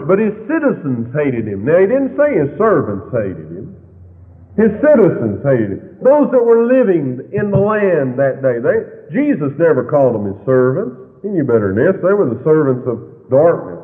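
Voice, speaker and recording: A man preaching a fiery sermon, with sudden loud, high swings in his delivery. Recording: tinny, lo-fi recording in a long-echo hall.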